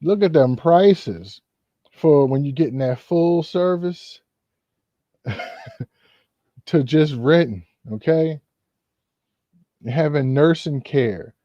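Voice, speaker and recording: A man's voice: a little high, drawn-out words, pauses often, mellow, no echo. A man hosting a casual commentary, rambling with many fillers. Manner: rambling, full of "you know" fillers. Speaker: host. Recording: dull, lo-fi.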